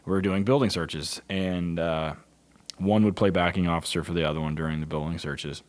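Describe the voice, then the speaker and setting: A man's voice: low-pitched, fairly even intonation, fairly quick. A man who trains police dog handlers, telling stories in casual chat and acting out the people he quotes, with plenty of swearing. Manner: profane storyteller, acts out quotes.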